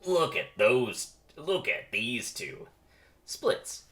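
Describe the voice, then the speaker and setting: A man voicing a boastful young male pollen jock bee, loud and swaggering. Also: mid-range voice, very animated, very slow, heavily acted.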